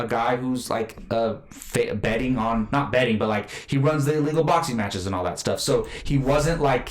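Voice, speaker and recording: A man hosts a laid-back movie podcast, wandering through his thoughts with plenty of fillers and restarts. His voice sits at a middle pitch. The room around him gives it a noticeable echo. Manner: rambling, many fillers and restarts. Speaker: podcast co-host. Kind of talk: casual movie review chat.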